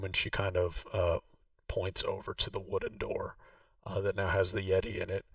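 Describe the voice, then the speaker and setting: Man, game master, low gravelly voice, lively pitch, rambling and casual, dull lo-fi distant recording. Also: moderate pace, no echo. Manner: casual, rambling, many fillers. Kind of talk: narrating a tabletop game. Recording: dull, dry, distant mic.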